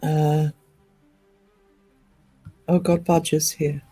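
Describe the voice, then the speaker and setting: A woman's voice: low voice, flat delivery, very slow, warm tone, husky, faint music behind. A woman from northeast England chatting on a casual livestream, reading out viewer comments and rambling with lots of ums and restarts. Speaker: live streamer.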